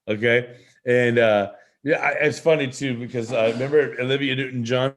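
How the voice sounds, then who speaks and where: Animated man coaching on a live video call. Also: mid-range voice, moderate pace. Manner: animated, teaching with rhetorical questions. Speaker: host and leadership coach. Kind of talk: live online show talk.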